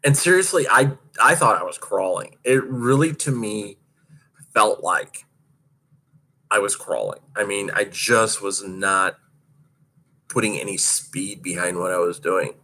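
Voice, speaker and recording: A man's voice: on the low side, a little slow, pushed and bright. A man casually recounting a hard skating practice, laughing often and swearing freely as he tells it. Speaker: roller derby skater recounting practice. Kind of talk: casual storytelling monologue.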